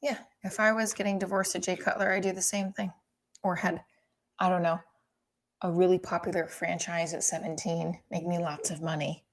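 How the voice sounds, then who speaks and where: A woman's voice: lowish voice, little pitch movement, normal speed. A woman comedian hosting a casual live stream who rambles, swears freely and mocks herself. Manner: rambling, profane, self-deprecating.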